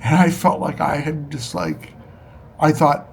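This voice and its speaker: A man with a slightly raised voice recounts a personal experience in an earnest, halting way, often breaking off and starting his sentences again. A faint hiss sits under the recording. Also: a little high, flat delivery, gravelly. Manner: earnest, halting, emotional storytelling with restarts. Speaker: storyteller recounting a spiritual experience. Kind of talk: personal testimony.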